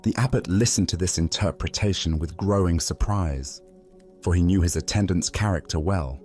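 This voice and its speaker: A man calmly narrating a scripted bedtime story. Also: sits low, normal speed, soft background music.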